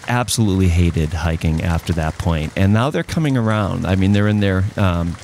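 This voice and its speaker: A man in his forties co-hosting a podcast who tells anecdotes in a relaxed, chatty way. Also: low-pitched, normal speed, a little hiss or hum. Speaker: podcast co-host. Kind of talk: casual storytelling chat.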